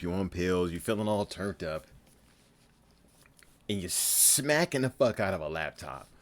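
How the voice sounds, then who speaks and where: A man's voice: on the low side, fairly bright tone. A man giving casual, profane reaction commentary on a stream, talking animatedly and laughing often.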